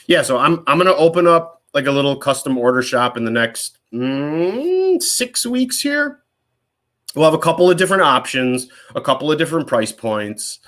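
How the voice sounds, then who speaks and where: A man's voice: medium pitch, fairly bright tone. A man hosting a live question-and-answer stream, chatting casually and rambling, often correcting himself mid-sentence. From United States. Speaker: host answering viewer questions.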